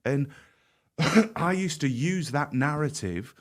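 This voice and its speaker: Speaking in a slightly high, animated voice, this middle-aged podcast guest candidly recounts his own experiences. His vivid first-person telling in the interview is frank but halting, broken by frequent restarts.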